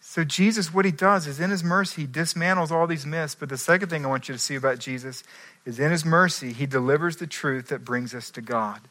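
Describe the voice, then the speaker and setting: A man preaching a sermon as pastor, earnest, moving between quiet asides and emphatic climaxes. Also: on the high side, brisk.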